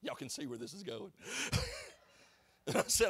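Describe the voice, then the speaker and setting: Pastor, high male voice, lively storytelling sermon delivery. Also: moderate pace, pauses often, slightly rough. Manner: animated, conversational preaching with storytelling. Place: church sanctuary.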